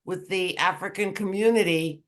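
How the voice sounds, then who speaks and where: An audience member sharing measured, reflective thoughts in a casual book discussion, repeating words for emphasis. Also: medium pitch, a bit bright.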